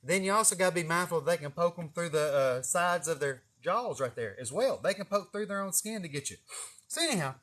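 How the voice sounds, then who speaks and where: A young male vlogger, his voice a little high and his pace a little fast, tells a rambling, casual story. Lots of cursing fills it, and he laughs at himself with animated energy.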